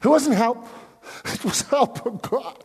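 A South African man preaching a sermon as pastor, dropping to hushed pleading and then rising to sudden loud cries. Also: very high voice, a little slow, slightly rough, in a large hall.

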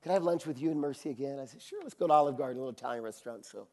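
A man preaching a sermon, telling a personal anecdote with acted-out voices, laughing often and dropping to a quiet, intimate tone for serious moments. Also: very fast. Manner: drops to a quiet, low, intimate tone for serious parts. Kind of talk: sermon storytelling.

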